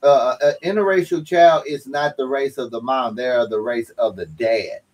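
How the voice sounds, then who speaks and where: A man's voice: mid-range voice, moderate pace, a little mellow, dull audio. A man co-hosting a call-in talk show, talking in a laid-back, slangy, profane way. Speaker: co-host. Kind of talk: casual chat.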